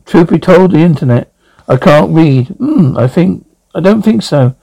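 A man's voice: on the high side, animated, measured pace, creaky, warm tone, husky, low-quality recording. A man hosting a comedy podcast, recapping scenes in a scattered, jokey way and reading out stage cues. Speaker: podcast host. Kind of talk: comic recap acting out scenes.

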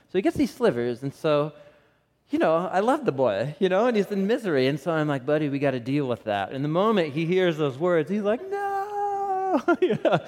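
Animated male preacher in a reverberant hall. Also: high voice. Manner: animated storyteller with laughs and asides to the audience. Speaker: pastor. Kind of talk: sermon.

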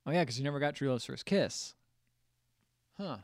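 A man's voice: medium pitch, expressive, moderate pace, no echo, clean studio sound. Joking man in crude banter. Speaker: podcast co-host. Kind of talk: casual movie chat.

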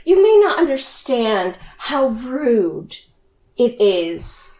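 A woman's voice: fairly high pitch, big pitch swings, extremely slow, echoey room, exaggerated voice, low-quality recording. Woman playing a haughty, icily polite lady. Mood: condescending. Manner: icy, condescending, speaks softly. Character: haughty woman raised by humans, coldly polite and passive-aggressive.

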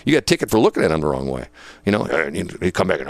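A man's voice: low voice, sing-song, rapid-fire, dry recording. A man and former police dispatcher telling old work stories in a rambling, casual way, full of fillers and laughter. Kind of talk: casual storytelling.

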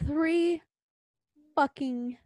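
High-voiced swearing woman. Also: drawn-out words, dry recording, studio quality. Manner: profane, venting, swings between mumbling and loud outbursts. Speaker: podcast co-host. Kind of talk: casual chat.

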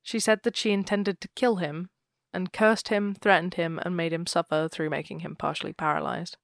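A woman's voice: fairly low pitch, fairly even intonation, moderate pace, creaky, dry recording, clean studio sound. A woman co-hosting a podcast, chatting casually and laughing often as she retells a ghost story. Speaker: podcast co-host.

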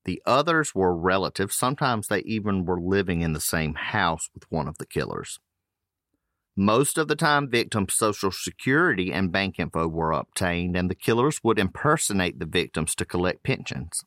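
A man's voice: sits low, a bit bright, no echo, clean studio sound. A man hosting a podcast, reading case notes aloud with loose casual asides. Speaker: podcast host.

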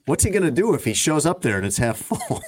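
A man's voice: fairly high pitch, big pitch swings, fast talker, slight background noise. A man hosting a radio talk show, rambling and teasing his co-hosts in casual chat. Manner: rambling, teasing, meandering asides.

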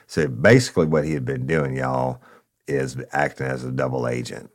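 A man's voice: extremely low pitch, fairly even intonation, moderate pace. A man, a former narcotics officer, telling a blunt, profane story in casual talk and speaking to listeners as y'all.

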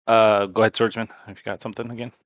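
A man leading an online bible study, moderating in a soft-spoken, hesitant way. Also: lowish voice, level tone, racing, no echo, dull audio. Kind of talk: casual moderating.

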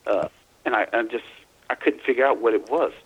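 A man from Louisiana, an interview guest, recounting personal experiences in a halting way, often repeating and restarting words. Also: mid-range voice, slightly rough, lo-fi sound.

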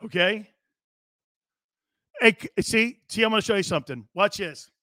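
Guy with a high-ish voice ranting on a football show, sarcastic and blunt, swears, dry sound. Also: moderate pace, bright, forceful tone, no room sound. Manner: blunt, sarcastic, mocking coach-speak; swears casually. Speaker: sports talk show host. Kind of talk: live sports talk monologue.

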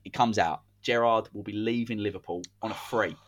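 A man's voice: lowish voice, brisk, dull audio. A man, hosting a podcast and telling a football story in a casual, dramatic way. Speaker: podcast host.

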